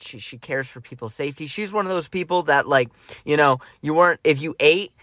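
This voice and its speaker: A man co-hosting a podcast, telling a story in a casual, animated way and laughing often. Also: no room sound. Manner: animated storyteller, jumps to high voices quoting his mother, laughs often. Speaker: podcast co-host.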